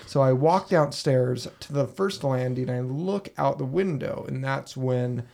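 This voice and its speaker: Gravelly man telling a story. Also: medium pitch, a little slow. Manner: animated, acts out his own reactions with swearing. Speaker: podcast host. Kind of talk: casual storytelling. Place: basement room.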